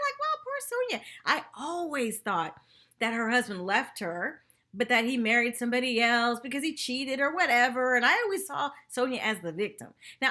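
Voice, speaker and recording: An excitable woman dishes on a reality show episode in a loose, gossipy vlog. Her voice sits a little high and sounds bright and tense. Her pitch swoops all over as she chatters. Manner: animated, chatty, says "y'all" and "like" often. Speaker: TV recap vlogger. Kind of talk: casual gossipy episode review.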